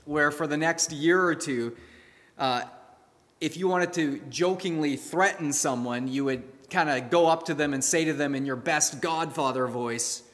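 A man, preaching a sermon in an earnest, measured, storytelling way. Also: fairly high pitch, fairly bright tone. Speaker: pastor. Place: church sanctuary. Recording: long reverb of a church hall.

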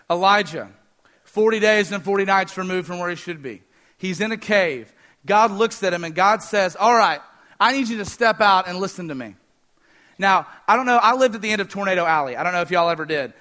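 High, bright-voiced young preacher. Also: male voice, a little fast. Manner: animated storytelling, asks the audience questions. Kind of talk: sermon.

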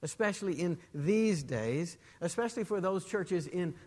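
A man preaching a sermon as pastor in a church, in a measured way. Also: high voice, lively intonation, a little mellow, long reverb tail.

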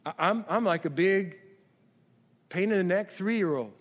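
A middle-aged man preaching a sermon as pastor, calling out questions to the congregation and building to shouts. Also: high voice, a little slow. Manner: call-and-response preaching, rises to shouts. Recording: long hall reverb.

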